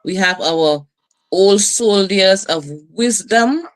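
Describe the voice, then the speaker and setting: A middle-aged woman host, telling stories and preaching in a lively community broadcast. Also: mid-range voice, slow. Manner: lively, preachy storytelling with laughs and asides.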